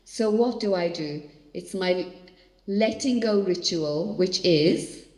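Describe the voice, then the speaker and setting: Woman seminar speaker, lowish voice, earnest and direct with the crowd, long hall reverb. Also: slow, darkish tone. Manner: earnest, talks directly to audience members. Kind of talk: conversational church teaching. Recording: echoey hall.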